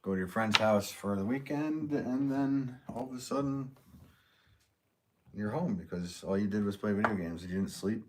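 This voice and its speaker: A middle-aged man with a low voice is talking loosely to viewers on his live stream, drifting from one thought to the next as he reads out comments. The background noise in his studio is clearly audible. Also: normal speed. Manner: relaxed, rambling, chatty. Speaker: potter hosting a livestream. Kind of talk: casual live-stream chat reading comments. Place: pottery studio. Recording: noisy background.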